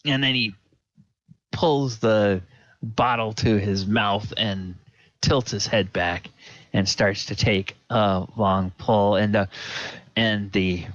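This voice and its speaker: A man's voice: on the low side, steady tone, slow pace, a bit bright, dry recording, dull audio. A man narrating a tabletop game as game master, hesitant and full of ums and restarts.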